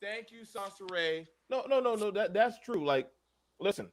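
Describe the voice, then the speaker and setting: A man hosting a casual panel chat, animated and swearing, with bursts of loud emphasis and speech. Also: sits high, normal speed. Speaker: show host.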